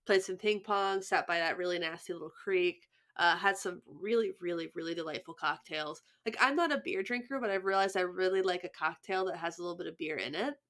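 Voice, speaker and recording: A young woman co-hosts a podcast, chatting casually, laughing often and restarting her sentences. Her low-ish voice is a bit bright, a little fast, with few pauses.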